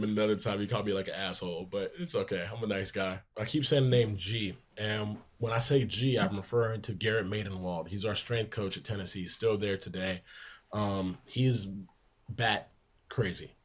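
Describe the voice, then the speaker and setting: A young man in his twenties, a podcast guest, telling lively locker-room anecdotes in a casual way, laughing along. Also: fairly low pitch, fairly quick. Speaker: podcast guest, pro basketball player. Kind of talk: casual storytelling in a sports podcast.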